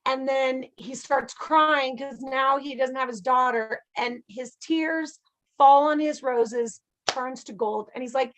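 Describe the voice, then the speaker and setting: A woman with a high, bright-sounding voice leads a casual class on abundance. She talks in a loose, animated way, often checking in with her listeners as she tells stories. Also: slow pace. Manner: chatty, animated storytelling with frequent "right?". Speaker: abundance teacher. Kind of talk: casual teaching talk.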